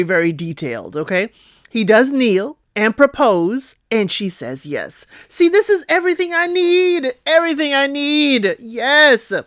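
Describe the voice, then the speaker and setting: A woman recapping a reality show in a chatty, expressive way, often asking "okay?" and calling out to her listeners. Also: fairly high pitch, no echo, studio quality. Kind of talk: casual recap commentary.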